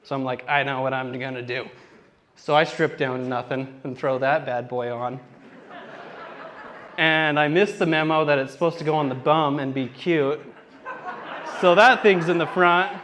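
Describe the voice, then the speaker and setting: A man's voice: on the high side, moderate pace, a bit bright, a faint crowd, slight background noise. A young man doing a stand-up comedy set on a theater stage, telling rambling, self-deprecating stories and acting out what people said. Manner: rambling self-deprecating storytelling with acted-out quotes.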